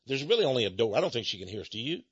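A man's voice: mid-range voice, sing-song, racing, slightly rough, no echo, dull audio. A man hosting a radio show, rambling and chuckling as he tells teasing stories in a folksy way.

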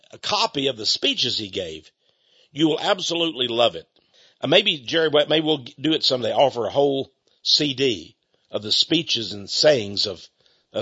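A man hosting a radio ministry talk show, pitching a book and then commenting emphatically. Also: breathy edge, highs cut off. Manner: emphatic, animated delivery.

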